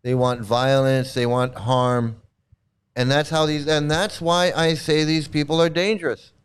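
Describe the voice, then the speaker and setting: A man's voice: a little high, level tone, a little slow, clean tone. A man ranting in mocking commentary, combative and repetitive. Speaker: streamer.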